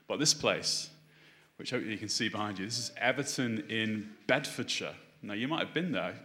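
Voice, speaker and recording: A man from Liverpool gives a sermon in a church, reading scripture and then talking in a chatty, hesitant way. His voice sits on the lower side and he drops in light humour. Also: bright, forceful tone. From Liverpool, England. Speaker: preacher.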